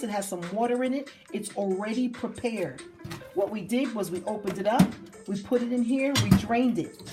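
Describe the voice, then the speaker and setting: A woman's voice: medium pitch, normal speed. A woman hosting a casual cooking demonstration, chatty and playful with cheerful exclamations as she cooks. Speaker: cooking show host. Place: kitchen at a hot stove. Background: sizzling pan and music.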